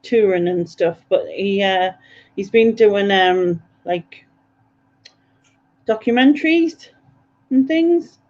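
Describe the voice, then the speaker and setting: A man in casual chat, speaking hesitantly with many pauses and fillers. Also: sits high, darkish tone. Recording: dull lo-fi call audio.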